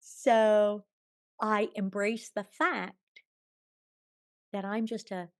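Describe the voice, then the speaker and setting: A woman in her sixties, a podcast guest telling a personal story in an animated way, acting out quoted dialogue and laughing often. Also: medium pitch, very slow. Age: 60s. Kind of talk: storytelling in a conversational interview.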